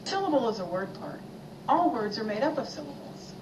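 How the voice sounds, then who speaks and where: A woman's voice: fairly high pitch, fairly quick, roomy sound. Woman narrating a kids learning video, bouncy voice, played back in a room from far off, noisy. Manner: clear and animated, guiding listeners to join in. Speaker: narrator of a children's educational video.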